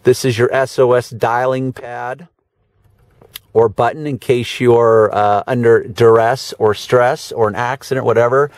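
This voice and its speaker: A man's voice: medium pitch, little pitch movement, unhurried, dry recording. Chatty man touring a luxury car. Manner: chatty, dry sarcastic asides, frequent fillers. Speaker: car detailer giving a walkaround tour. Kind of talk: casual handheld car walkaround. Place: in and around a parked car.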